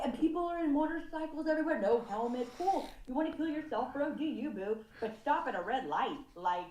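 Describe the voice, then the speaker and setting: Animated, swearing woman on a video call. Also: a little high, echoey room, low-quality recording. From California. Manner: animated, swearing, laughing storyteller. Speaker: group participant sharing. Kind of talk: casual group video call share.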